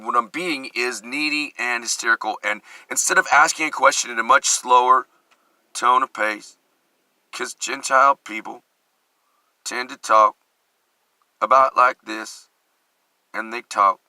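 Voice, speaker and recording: Vlogger, male, East Coast American accent; nervy, over-caffeinated monologue in a sharp, tense tone, recorded dry and close. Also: medium pitch, no echo, rough recording. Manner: fast, hyped and ranting, with sudden loud bursts. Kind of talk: rambling self-analytic monologue.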